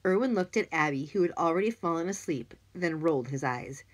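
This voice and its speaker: A woman reads a children's audiobook aloud. Her voice sits a little low for a woman and moves a lot in pitch, giving an expressive, lively reading. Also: a little fast, hardly any pauses. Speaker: audiobook narrator. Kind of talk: scripted narration.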